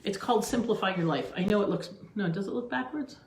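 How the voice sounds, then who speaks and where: A middle-aged woman hosts her cooking show from her own kitchen, chatting to viewers in a relaxed, rambling way, full of asides and restarts. Her voice sits at an ordinary middle pitch. The room is echoey, so her voice rings off the hard kitchen surfaces. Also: fast talker, a little hiss or hum. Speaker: cooking channel host. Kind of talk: casual chat to camera. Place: home kitchen, indoors. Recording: roomy, echoey kitchen sound.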